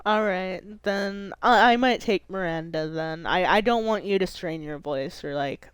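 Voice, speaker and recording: In a dry recording, a woman running a game stream speaks at a measured pace in a clean, lowish voice. She chats casually, keen to explain the rules to the person playing with her.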